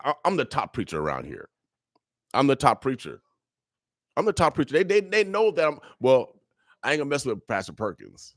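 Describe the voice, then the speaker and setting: An older man holds forth into a studio microphone in a casual radio monologue, swinging between sermon-like urging and joking asides. He repeats his points again and again in loose street talk. His voice sounds close and dry, with no room around it, at a middle pitch for a man. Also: wildly swooping pitch, a little fast, pauses often, dry recording.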